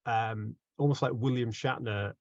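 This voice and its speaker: A man narrating his tabletop character with animated, laughing energy. His pitch sits in the middle. The sound is dull and dry, with no room echo. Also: measured pace, gravelly. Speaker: tabletop game player. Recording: dull, dry home mic audio.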